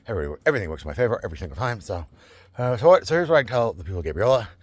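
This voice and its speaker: A man rambling excitedly in a casual video diary, full of fillers and restarts. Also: lowish voice, rapid-fire, slightly rough, dry recording. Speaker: vlogger running a campaign.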